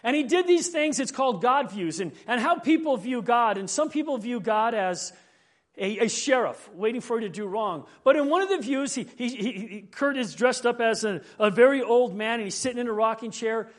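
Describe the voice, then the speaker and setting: A man's voice: very high voice, expressive, normal speed. A man preaching a sermon in an earnest way, often repeating words as he gathers his thoughts. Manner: earnest, building and falling in emphasis; repeats words when thinking.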